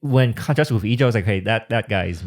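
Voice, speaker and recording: Low-voiced guy hosting a podcast, casual and kinda hesitant with his questions. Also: fast talker. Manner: hesitant, many fillers and restarts while asking. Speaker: podcast host.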